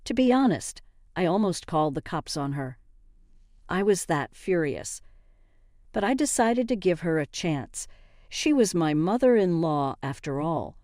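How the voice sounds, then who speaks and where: A woman's voice: on the low side, warm tone, dry recording, clean studio sound. Indignant woman narrating a story. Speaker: first-person story narrator.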